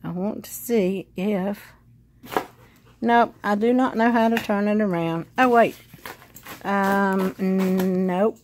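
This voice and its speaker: A woman's voice: medium pitch, fairly even intonation, takes it slowly, pauses often, a little mellow, slight background noise. A woman, filming her dog at home on a phone and calling out bubbly sing-song commands and praise. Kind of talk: casual home video chat. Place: living room at home, on a sofa. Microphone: phone camera.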